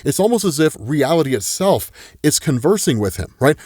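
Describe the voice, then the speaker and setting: An animated man talking through a comic story with a lively, swooping delivery in a slightly high voice. He is conversational and keeps checking in with tag questions. The recording is dry and close. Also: normal speed, no room sound. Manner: animated, conversational, uses 'right?' tags. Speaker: comics YouTuber. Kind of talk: casual comic recap narration.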